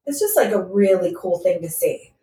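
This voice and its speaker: A woman casually chatting as a podcast co-host, enthusiastic and quick to laugh, full of "like" and "you know". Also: fairly low pitch, lively intonation, mellow. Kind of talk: casual chat. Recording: roomy echo, a little far from the mic.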